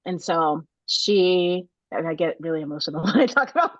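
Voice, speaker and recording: A middle-aged woman tells a story in a casual interview, her voice sitting fairly low. She is animated, laughs often and restarts her sentences. The recording is dry and slightly dull. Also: normal speed, dry recording. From United States. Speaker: author guest.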